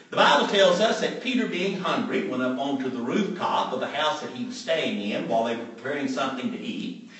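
A man's voice: fairly high pitch, fairly bright tone. A man preaching a sermon, retelling scripture with emphatic repetition and a storytelling manner. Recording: very echoey room, mic far off.

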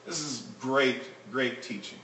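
A man's voice: medium pitch, fairly even intonation, slow, pushed and bright, a little hiss or hum. A man teaching a Bible class in an earnest tone, reading scripture aloud to the group. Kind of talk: Bible lesson. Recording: roomy room, mic at a distance.

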